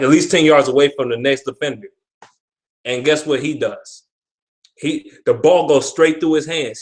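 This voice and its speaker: Man ranting angrily in an echoey room. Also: on the high side. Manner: frustrated, profane, repetitive ranting. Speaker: sports fan vlogger. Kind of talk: ranting sports commentary.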